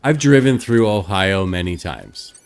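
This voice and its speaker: A man with a fairly low voice, chatting loosely with his stream viewers. He rambles from one story to the next with lots of "like" and "you know" along the way. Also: expressive, measured pace. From Canada. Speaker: live streamer. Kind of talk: casual chat with stream viewers.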